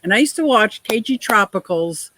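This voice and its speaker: A woman's voice: mid-range voice, animated, normal speed, sharp tone, dry recording, poor audio. A middle-aged woman hosting a casual livestream chat, reading out viewer comments and laughing often. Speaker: livestream host.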